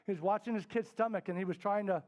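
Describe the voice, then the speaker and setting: A middle-aged man teaching a parenting workshop, talking candidly to a live group. He tells stories, acts out the voices in them and drops to a soft, quiet tone for serious points. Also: high-pitched, fast talker. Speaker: parenting class instructor. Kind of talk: storytelling workshop talk. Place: indoor classroom with a live group.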